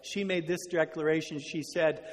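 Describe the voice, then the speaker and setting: A man preaching a sermon, telling a story earnestly and slowing down on key words. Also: fairly high pitch, steady tone, in a large hall. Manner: earnest, slows down for emphasis.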